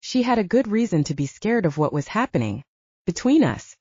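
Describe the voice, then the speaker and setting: A woman narrating a romance audiobook in first person, with a steady scripted reading. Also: mid-range voice, fairly quick, slightly rough, dry recording. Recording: dry, dull lo-fi sound.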